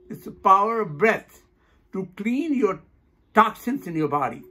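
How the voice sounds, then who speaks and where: A man's voice: high voice, big pitch swings, measured pace, pushed and bright, a little hiss or hum. A man leading a laughter yoga session, cheerfully coaching and breaking into laughter and rhythmic ho-ho ha-ha chants.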